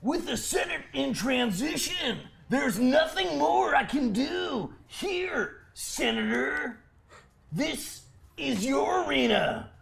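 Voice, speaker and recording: A man's voice: very high voice, animated, slow pace, vocal fry, fairly bright tone, full character voice. A man voicing a regal, foul-mouthed young queen in a comic script read-through, declaiming grandly and swearing. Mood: defiant.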